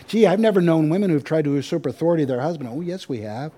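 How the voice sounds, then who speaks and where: A man preaching a sermon, animated, with wry asides and repeated points. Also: on the high side, rapid-fire. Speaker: pastor.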